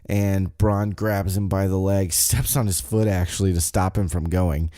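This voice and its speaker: Male podcast host, dark tone, loose profane recap style, dry room. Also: deep voice, fairly even intonation, measured pace, dry recording. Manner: loose, rambling, profane, admits forgetting details. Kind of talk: casual wrestling recap.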